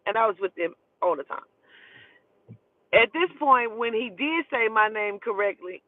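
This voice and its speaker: A man from Oklahoma telling animated, profane stories in a casual way, often calling the listener "child". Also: high-pitched, moderate pace, dry recording. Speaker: storyteller. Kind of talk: casual storytelling. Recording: dry tinny phone-like sound.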